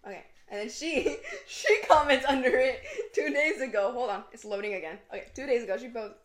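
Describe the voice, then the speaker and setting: A woman's voice: fairly high pitch, animated, a little fast. A young woman co-hosting a podcast in casual chat, giggly and full of "like" and "you know.". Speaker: podcast co-host. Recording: roomy echo.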